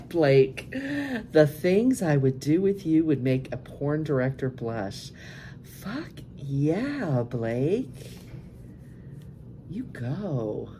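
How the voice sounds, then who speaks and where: Her voice sits low against background noise as this middle-aged woman hosts a live-stream cam show podcast. She goes through viewer messages in a casual, frank way and frequently breaks into laughter.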